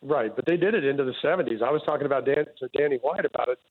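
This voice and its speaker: A man's voice: mid-range voice, rapid-fire. A man, a sports columnist, chatting wryly as a guest over a phone line. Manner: chatty, wry. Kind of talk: casual phone interview.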